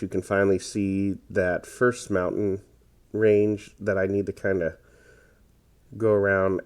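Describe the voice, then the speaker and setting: A man with a low, unhurried voice commentates his gameplay in a loose, rambling way. He sounds tired and hesitant, padding his thoughts with fillers, and his tone is dark and mellow. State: tired, yawning. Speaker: gaming commentator.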